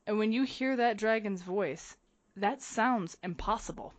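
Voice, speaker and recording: A young woman co-hosting a casual podcast, gushing in quick, excited bursts and swearing freely. Her voice sits at an ordinary middle pitch. It sounds close and dry, with no room around it. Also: dry recording. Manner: excited, profane, fast bursts. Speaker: podcast co-host. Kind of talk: casual chat.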